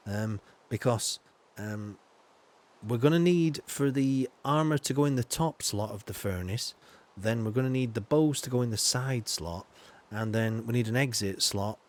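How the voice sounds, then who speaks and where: A man streams a game live, commenting in a mid-range, slightly mellow voice. He chats loosely with viewers, greets them by name, and fills his talk with ums and you-knows.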